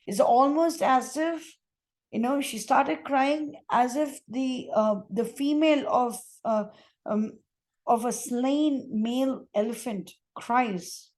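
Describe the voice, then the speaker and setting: A woman teaching a sacred epic, reciting verses and then translating and explaining them slowly with pauses and restarts. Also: high voice, darkish tone. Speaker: scripture teacher.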